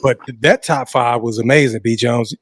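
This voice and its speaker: A man's voice: mid-range voice, moderate pace, no room sound, clean studio sound. A man co-hosting a sports talk podcast, joking and teasing in casual banter. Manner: playful, joking. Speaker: podcast co-host.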